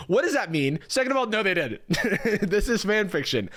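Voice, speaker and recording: A sarcastic man in his thirties talks through online posts, his voice sitting a little on the higher side. He drops dry asides and jumps into high, mocking voices whenever he reads a quote. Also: sing-song, normal speed, a bit bright. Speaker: commentary video host.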